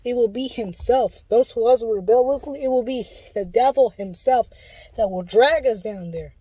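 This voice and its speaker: A woman's voice: sits high, mellow, husky, no echo, rough recording. A woman giving an impassioned religious warning, pleading and urgent, often restarting her sentences.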